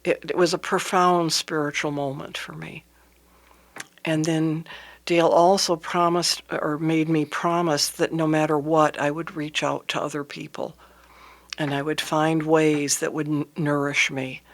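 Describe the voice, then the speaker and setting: A woman guest on a radio interview, telling a personal story in an earnest, halting way and dropping to a hush at the tender parts. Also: low voice, level tone.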